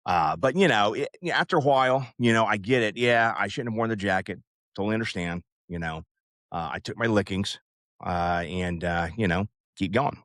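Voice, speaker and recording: A man's voice: lowish voice, moderate pace, fairly bright tone, no echo, studio quality. A man in his fifties casually telling a personal story, rambling with lots of fillers and asides. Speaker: podcast host.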